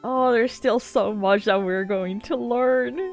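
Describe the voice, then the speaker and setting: A woman streaming a game who reads story text softly and reacts with excited, sweary outbursts and frequent laughter. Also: fairly high pitch, takes it slowly, soft background music. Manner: soft, hushed reading of story text. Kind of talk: casual let's-play commentary and reading game text aloud.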